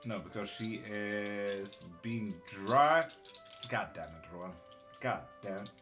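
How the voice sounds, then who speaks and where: A man's voice: on the low side, takes it slowly, fairly bright tone, soft background music. A middle-aged man doing a casual live-stream tarot reading, reading out chat and muttering curses under his breath. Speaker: tarot reader and witchcraft teacher.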